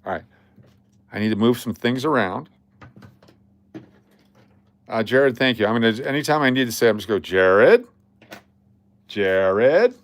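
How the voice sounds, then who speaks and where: A man's voice: medium pitch, moderate pace, pauses often. A man hosting a casual livestream, talking to his chat in a blunt, joking, rambling way. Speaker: livestream host.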